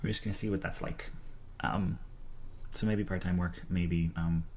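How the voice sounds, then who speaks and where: A man speaking as a YouTuber in a reflective, hesitant monologue with many pauses and ums. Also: sits low, fairly even intonation, a little mellow, slight background noise.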